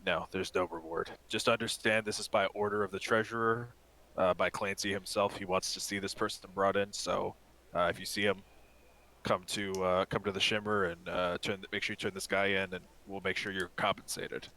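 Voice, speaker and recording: A man's voice: sits low, flat delivery, normal speed, pushed and bright, low-quality recording. A man doing a stern town guard. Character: stern male guard hunting a wanted criminal.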